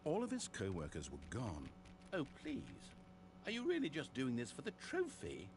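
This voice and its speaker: A wry, mocking game narrator. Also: male voice, medium pitch, wildly swooping pitch, noisy background. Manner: dry, mocking, drawn-out storytelling. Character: wry omniscient male storyteller, teasing and theatrical.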